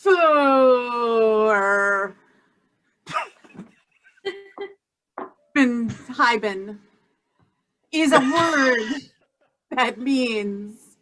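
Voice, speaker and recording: High animated lady doing improv, playful, laughs a lot, talks slow. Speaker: improv performer. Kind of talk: improv comedy.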